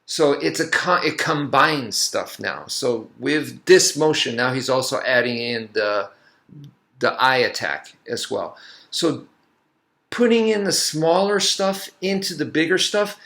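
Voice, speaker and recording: Martial arts instructor, male, bright tone, loose conversational demo talk. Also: medium pitch, measured pace. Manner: animated, acts out street confrontations. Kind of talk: casual demonstration talk.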